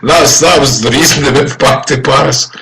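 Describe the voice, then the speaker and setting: A man chats on a podcast in a relaxed, easygoing way. He swears often and chuckles between thoughts. His pitch sits in the middle of the range. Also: moderate pace, rough recording. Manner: laid-back, sweary, chuckling. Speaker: podcast co-host. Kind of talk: casual chat.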